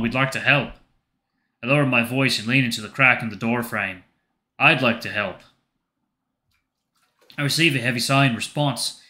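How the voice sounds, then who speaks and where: A man hosting a gaming channel, reading a story game aloud in steady narration. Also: mid-range voice. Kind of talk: reading a visual novel aloud.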